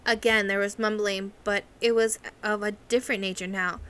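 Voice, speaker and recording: A woman reading a novel aloud in steady, measured narration. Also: medium pitch, clean tone. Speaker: audiobook reader.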